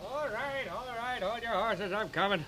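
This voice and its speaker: A man's voice: sits high, normal speed, very noisy, voice pushed up, close to an everyday voice. A man doing a grumpy old gas station attendant. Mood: grumbling.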